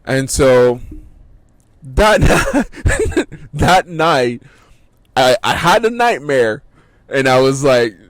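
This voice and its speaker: A man's voice: medium pitch, very animated, drawn-out words, pauses often. A man telling a story in a casual podcast chat, rambling and restarting as he goes, swearing freely and laughing at himself. His middling voice sits in a dry, close-sounding space with almost no room echo. He talks loosely and unpolished. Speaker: podcast co-host.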